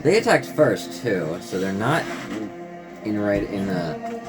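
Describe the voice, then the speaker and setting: A man's voice: lowish voice, sing-song, slow pace, over music. A man playing in a tabletop game, with a dry, sardonic manner. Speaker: player. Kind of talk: casual play at a tabletop game.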